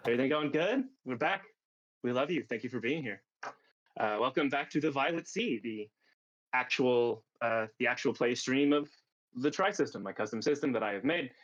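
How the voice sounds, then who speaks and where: A man acts as game master for a streamed tabletop game, narrating in a medium-pitched voice with lively intonation. He halts often, using many fillers and restarts, and the high frequencies are cut off.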